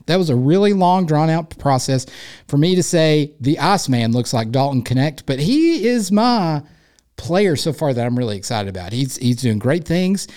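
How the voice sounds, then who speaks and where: A man's voice: a little high, darkish tone. A man with an East Tennessee accent hosting a sports podcast alone, rambling in a casual, jokey, self-deprecating way. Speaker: podcast host.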